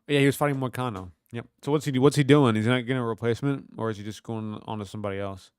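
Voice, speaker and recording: Reading chat out loud between loose, profane jokes, a young Kentucky livestream host talks rapid-fire. His mid-range voice stays steady with a clean tone, and the studio sound is clean with no echo.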